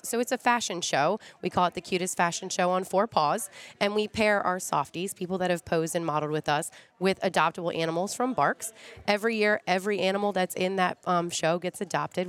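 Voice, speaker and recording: A woman guest on a radio talk show in a restaurant, promoting a charity event in a brisk, upbeat way. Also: fairly low pitch. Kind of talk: casual interview chat.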